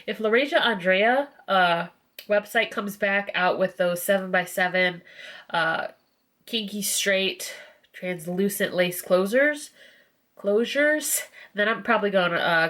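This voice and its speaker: A woman's voice: fairly low pitch, a bit bright. A woman reviewing a product in a casual vlog, chatty and full of fillers, sounding nasal and congested. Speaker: beauty vlogger.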